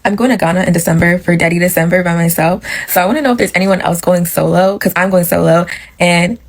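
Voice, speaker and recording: A woman chats into her camera in a friendly, inviting way. Her voice is fairly low, and she talks quickly. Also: steady tone, rough recording. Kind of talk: casual selfie video.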